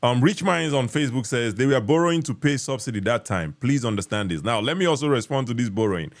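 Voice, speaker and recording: A man's voice: medium pitch, animated, fast. A man with a Nigerian accent hosting a casual podcast, reading viewer comments and asking pointed questions. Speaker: podcast host.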